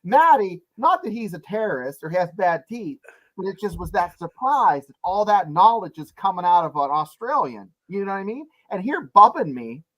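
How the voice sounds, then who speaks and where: A man's voice: high voice, sing-song, moderate pace, fairly bright tone, poor audio. A man joining a podcast as a guest, joking and telling stories in casual chat. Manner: joking, storytelling.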